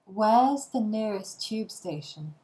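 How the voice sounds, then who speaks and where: Woman, slow phrase-by-phrase reading, middle-pitched voice, learner lesson. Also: animated, dark tone. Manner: reads short phrases one by one with pauses. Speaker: language learning reader.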